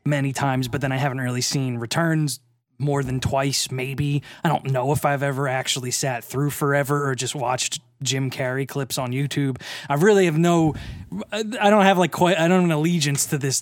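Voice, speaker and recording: A man co-hosting a casual movie podcast, joking and animated with quick asides. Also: medium pitch, dry recording, clean studio sound. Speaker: podcast co-host. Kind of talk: casual chat.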